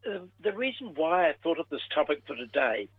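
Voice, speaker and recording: A man's voice: fairly high pitch, big pitch swings, breathy edge, dry recording. Older man explaining on a tinny phone line. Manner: measured, explanatory, with pauses and fillers. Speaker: professor emeritus, regular radio guest. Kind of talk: radio interview over the phone.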